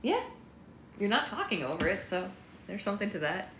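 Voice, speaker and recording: Woman author reading her novel aloud, low voice, lively intonation, echoey home room, faint background noise. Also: a little fast. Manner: lively, laughs easily. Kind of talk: live read-aloud and casual chat.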